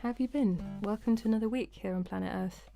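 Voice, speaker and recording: A woman's voice: mid-range voice, quick pace, gravelly, dark tone, soft background music. A woman, a singer-songwriter chatting casually and giggling to viewers on her live stream from home. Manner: chatty, giggly and self-deprecating.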